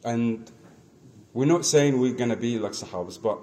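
A preacher tells a religious story in halting, conversational English, acting out the lines of each figure. His voice is dark and mellow. A faint hiss sits under it. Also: medium pitch. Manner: conversational, halting, many restarts, acts out dialogue. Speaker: Islamic preacher. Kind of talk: storytelling sermon.

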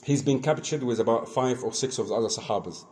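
A man preaching in English, telling a religious story in a conversational, halting way, acting out the dialogue. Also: mid-range voice, a little mellow. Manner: conversational, halting, many restarts, acts out dialogue. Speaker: Islamic preacher. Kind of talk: storytelling sermon.

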